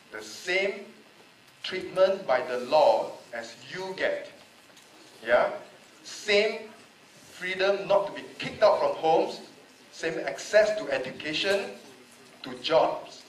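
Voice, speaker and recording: A man's voice: fairly high pitch, a little hiss or hum. A man from Malaysia giving an emotional, pleading speech in a public debate, repeating rhetorical questions. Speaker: panel speaker. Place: large echoey hall. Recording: echoey hall, voice a bit far off.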